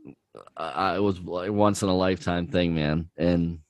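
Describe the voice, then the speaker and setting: A man's voice: low-pitched, fairly even intonation, normal speed, no echo. A man co-hosting a podcast, chatting in a laid-back, gushing way with many filler words. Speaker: podcast co-host. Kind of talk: casual chat.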